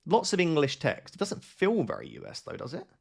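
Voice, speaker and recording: A man's voice: on the high side, huge pitch swings, fairly quick, creaky, a little mellow. Man thinking aloud over a game. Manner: thinks aloud, questions himself. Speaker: gaming channel host. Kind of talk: live gameplay commentary.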